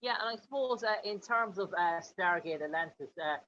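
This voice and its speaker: Rambling interviewer, muffled lo-fi sound. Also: male voice, high-pitched, animated, moderate pace, bright, forceful tone. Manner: long rambling questions with many fillers. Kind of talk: interview questions. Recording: dull lo-fi with faint noise.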